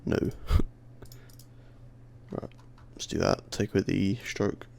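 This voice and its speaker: Gravelly-voiced guy with a lisp. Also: low voice, level tone, slow pace, darkish tone. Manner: mumbling, self-deprecating, thinking aloud. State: tired, worn voice. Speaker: tutorial host. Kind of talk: casual screen-recorded software tutorial. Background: keyboard clicks and typing.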